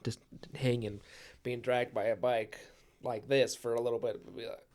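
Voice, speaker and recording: A man's voice: medium pitch, level tone, normal speed, a little mellow, a little hiss or hum. A man co-hosting a podcast, thinking aloud about a book in casual chat, often stammering and repeating words. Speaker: podcast co-host.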